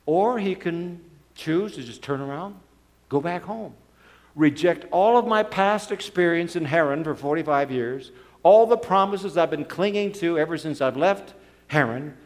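A man's voice: a little high, expressive, normal speed. Male preacher telling a dramatic story. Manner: dramatic storytelling, swings between loud and soft. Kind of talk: sermon. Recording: long hall reverb.

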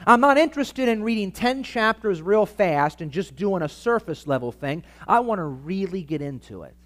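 A man's voice: sits high, very animated, normal speed, a bit bright. A man preaching to a live church audience in an emphatic teaching style, asking the listeners for amens. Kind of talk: sermon-style teaching talk.

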